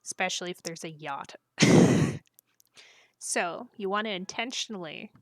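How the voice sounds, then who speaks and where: A woman's voice: on the low side, unhurried, dry recording, clean studio sound. Giggly woman streamer chatting with chat. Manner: giggly, breaks into frequent laughter; chatty, jokey, talks to her chat. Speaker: live streamer. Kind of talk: casual live-stream chat while gaming.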